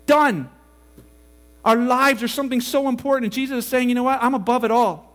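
High-voiced, animated male preacher. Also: a little fast. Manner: animated, acts out quoted voices. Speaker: pastor. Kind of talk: sermon.

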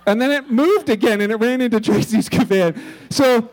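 Pastor preaching, casual and joking, very high voice, long hall reverb. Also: male voice, normal speed. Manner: casual, humorous storytelling with many restarts. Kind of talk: sermon.

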